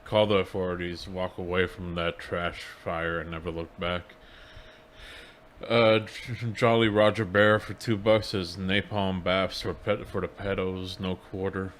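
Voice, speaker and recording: Deep, flat-voiced man reading donations. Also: a little slow, a little hiss or hum. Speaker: co-host reading viewer donations. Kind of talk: casual livestream chat.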